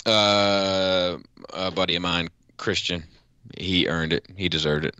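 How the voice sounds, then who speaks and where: A man's voice: sits low, flat delivery, unhurried, bright, forceful tone, smooth, no room sound, muffled recording. A man in his thirties chatting on a podcast, telling rambling stories and swearing freely. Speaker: podcast co-host. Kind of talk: casual podcast banter.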